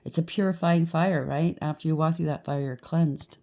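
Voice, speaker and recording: Low gravelly woman reading tarot. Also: steady tone, normal speed, warm tone. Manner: chatty, repeats "okay?" and "right?" to the viewer. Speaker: tarot reader. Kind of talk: casual tarot card reading.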